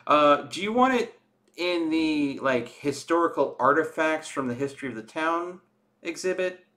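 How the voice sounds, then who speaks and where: A man's voice: fairly high pitch, animated, normal speed, pushed and bright. Casual rambling man at a tabletop game. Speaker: player.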